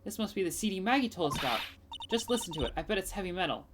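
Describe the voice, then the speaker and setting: A woman voicing an excitable teenage girl sidekick who talks in a lively, dramatic way over game music. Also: mid-range voice, very fast, noisy background, natural voice. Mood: excited.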